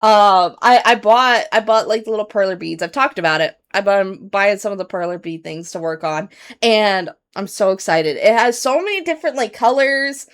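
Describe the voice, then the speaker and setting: A woman's voice: mid-range voice, lively intonation, moderate pace. A woman streamer chatting casually to her viewers, rambling with many fillers and restarts, earnest and candid.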